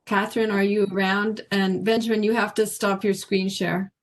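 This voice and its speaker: A woman's voice: medium pitch, flat delivery, normal speed. Woman chairing an online club meeting. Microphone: video call.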